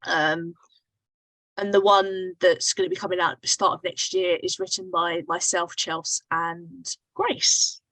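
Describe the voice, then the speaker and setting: A woman's voice: on the low side, level tone, unhurried, fairly bright tone, no echo, rough recording. A woman hosting a casual group chat with fellow voice actors, steering the talk and asking questions. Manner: upbeat, leads the conversation. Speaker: host.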